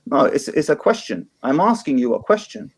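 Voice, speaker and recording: A man's voice: a little high, sing-song, moderate pace, breathy edge. A man in a heated online debate, pressing his opponent and repeating his question.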